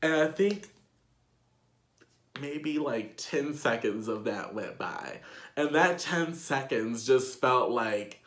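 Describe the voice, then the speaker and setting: A young man telling a casual storytime on his vlog, animated and profane, laughing as he goes. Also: mid-range voice. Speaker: vlogger. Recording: echoey room.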